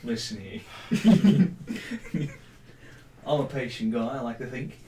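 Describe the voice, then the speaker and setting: A man's voice: mid-range voice, expressive, slow, mellow, a little hiss or hum. A man with a Dutch accent playing a tabletop game, playful and teasing. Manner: playful, teasing, laughs often. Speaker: player. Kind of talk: casual tabletop role-play chat. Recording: echoey room, faint music.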